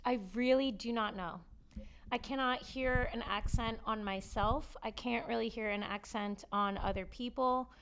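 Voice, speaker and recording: A woman comedian with a New Jersey accent, a guest chatting casually on a podcast, laid-back and quick to laugh. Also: a little high, steady tone, background noise.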